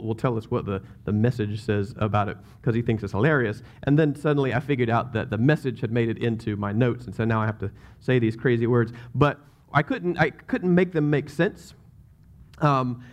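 A male pastor with a Southern US accent delivers a sermon in a loose, chatty manner. He restarts his sentences often and talks at a mid pitch. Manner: casual, rambling, self-interrupting.

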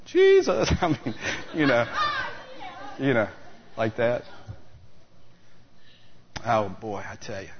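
Man preaching with animated storytelling. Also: mid-range voice. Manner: animated storytelling, acts out voices of the disciples. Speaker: pastor. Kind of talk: sermon. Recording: slightly dull, lo-fi recording.

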